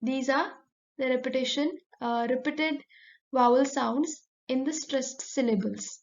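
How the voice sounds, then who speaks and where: Female teacher explaining a lesson, bright high voice, muffled low-fi recording. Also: a little slow, gravelly.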